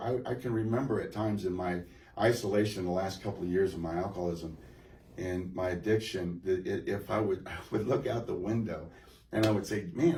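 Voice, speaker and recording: A man telling his personal testimony in a halting, rambling way, full of restarts and fillers. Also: on the low side, warm tone, slight background noise. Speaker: guest giving a testimony. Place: church room. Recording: echoey room, mic at a distance.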